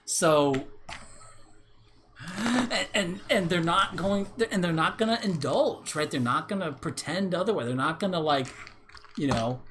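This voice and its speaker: A man with a high-leaning voice and a sharp edge, a slight hiss or hum under it, hosts a casual livestream. He rants in a rambling, repetitive way, keeps tagging his points with "right?", and swears a lot.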